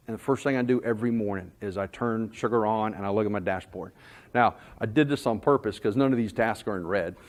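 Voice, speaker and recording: Guy giving a sales talk, jokey and animated, pokes fun at himself. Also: fairly low pitch. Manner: animated, jokey, self-deprecating. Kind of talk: storytelling presentation.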